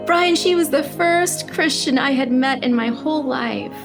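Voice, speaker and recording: A woman's voice: high voice, a little slow, music in the background. A woman as a podcast guest, telling a personal story in a vivid, heartfelt way, with laughs between phrases.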